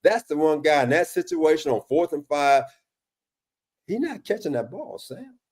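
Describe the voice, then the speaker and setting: A man's voice: fairly high pitch, sing-song, moderate pace, a little mellow, husky. Emphatic man breaking down football film. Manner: emphatic, exasperated questioning, often addresses co-host by name; frequent restarts and repeated words. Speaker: football defensive analyst. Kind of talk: casual film-breakdown discussion.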